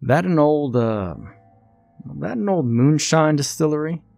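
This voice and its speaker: A man's voice: a little high, expressive, a little slow, gravelly, a little mellow, no echo, soft background music, pitched above the performer's own voice. A man voicing a blunt, weary male FBI agent from New York in a narrated horror story. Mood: puzzled.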